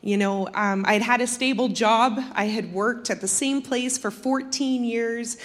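A woman's voice: a little high, a little slow. A woman sharing a casual testimony with a church group, chatty, with frequent laughs and fillers. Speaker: church member giving a mission trip testimony. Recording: long hall reverb.

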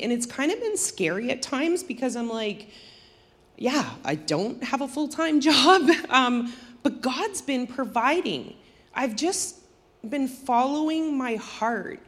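A woman sharing a casual testimony with a church group, chatty, with frequent laughs and fillers. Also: fairly high pitch. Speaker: church member giving a mission trip testimony. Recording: long hall reverb.

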